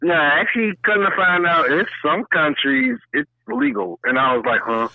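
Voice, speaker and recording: A man's voice: a little high, animated, moderate pace, gravelly. A man co-hosting a casual chat, talking animatedly and profanely, with a lot of emphasis. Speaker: co-host. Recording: tinny phone-like line, dry.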